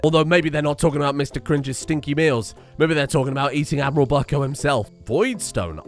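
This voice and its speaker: A man's voice: on the high side, fairly quick, few pauses, faint music behind. A man from the West Country of England with a West Country accent, giving casual, joking let's-play commentary and swearing freely. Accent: West Country English. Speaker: game streamer.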